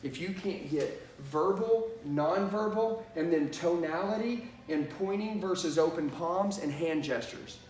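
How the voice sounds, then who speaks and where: A man's voice: on the high side, unhurried, few pauses, a little mellow, slight background noise. A man teaching a sales lesson, emphatic and punchy, often asking "okay?" and saying "watch this". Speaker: sales trainer. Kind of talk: energetic sales training lesson. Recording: echoey room from a distance.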